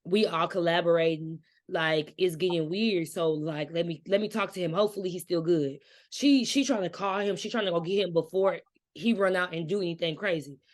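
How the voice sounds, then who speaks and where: A woman in casual chat, recapping a book's plot quickly and emphatically. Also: on the low side. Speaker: book-swap co-host. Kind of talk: casual book discussion.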